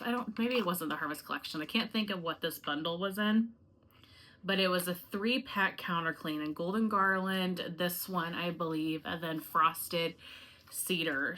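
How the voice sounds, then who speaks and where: A woman's voice: on the low side, pushed and bright. A woman chatting casually and directly to her viewers in a home review vlog, friendly and rambling. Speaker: home fragrance YouTuber.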